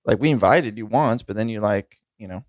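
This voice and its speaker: A man co-hosting a cigar podcast, wry and self-deprecating in casual chat, quick to laugh. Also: lowish voice, dry recording, clean studio sound. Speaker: podcast co-host.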